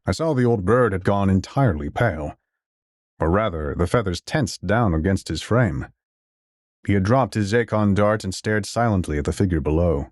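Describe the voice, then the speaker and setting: A man narrating a science fiction audio drama in the first person, in a steady, measured storytelling manner. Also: on the low side, no room sound, clean studio sound.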